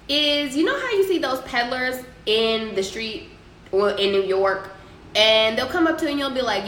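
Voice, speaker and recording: A woman's voice: on the high side, very animated, moderate pace, fairly bright tone. A young woman hosting a casual livestream, reading viewer comments and giving loose, profane advice. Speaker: livestream host. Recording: echoey room with faint ambient noise.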